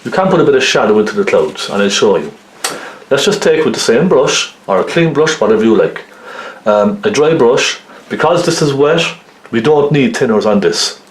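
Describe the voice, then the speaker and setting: A man of middle pitch walks through an oil painting demonstration in a friendly, chatty way. He keeps checking in with short tag questions, and his voice carries a noticeable roomy echo. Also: lively intonation, normal speed, slight background noise. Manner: chatty, lots of tag questions like okay and isn't it. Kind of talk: step-by-step painting tutorial.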